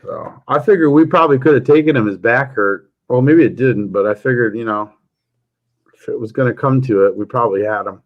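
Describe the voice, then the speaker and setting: A man's voice: mid-range voice, a little fast, phone-quality sound. A man hosting a casual livestream chat, telling jokey stories and chuckling often. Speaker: livestream host.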